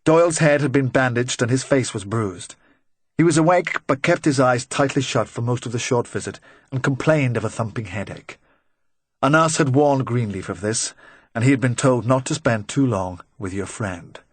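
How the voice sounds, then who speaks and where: Male audiobook narrator, measured crime reading, medium pitch, very dry booth. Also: breathy edge, dry recording. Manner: measured, even storytelling. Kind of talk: scripted narration.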